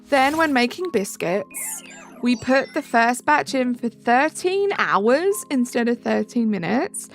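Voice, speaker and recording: Young woman streamer from England, chatty, slightly high and gravelly, soft music underneath. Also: sing-song, slow pace. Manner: chatty, reacts aloud to viewer comments. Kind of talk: live stream chat, reading comments. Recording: faint music behind.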